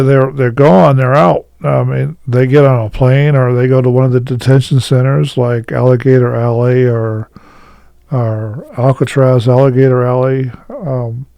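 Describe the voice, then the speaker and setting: Man, host, rambling and halting, gravelly voice, dark tone, dry sound. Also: medium pitch, steady tone, dry recording, rough recording. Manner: rambling, halting, many fillers and restarts. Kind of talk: casual commentary.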